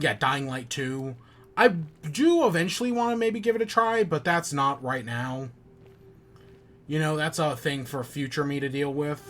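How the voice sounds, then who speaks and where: A man's voice: mid-range voice, a bit bright. A man hosting a podcast, grumbling and swearing while he plays a game and chats casually. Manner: grumbling, swearing, frustrated muttering. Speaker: podcast host playing a game while chatting. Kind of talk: casual gaming chat.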